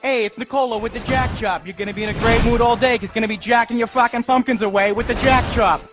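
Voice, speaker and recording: A man playing a crude, foul-mouthed pitchman in a comedy sketch parody ad. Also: steady tone, fast talker, music in the background. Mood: brash. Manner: profane, brash, shouts in pain at mishaps.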